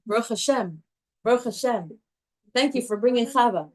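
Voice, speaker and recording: A woman teaching a live Torah class to a group, animated and chatty, restarting her sentences often. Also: fairly high pitch, normal speed.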